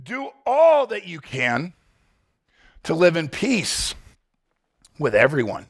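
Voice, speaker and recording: A male pastor delivering a sermon, acting out quick scenes as he speaks. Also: fairly high pitch, husky. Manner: animated, acts out quick scenes and voices. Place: church.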